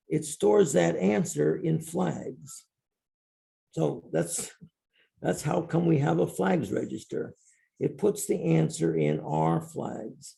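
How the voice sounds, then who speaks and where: A man's voice: a little high, slow, gravelly, dark tone. A male professor giving a university lecture in a classroom, explaining step by step and repeating key terms.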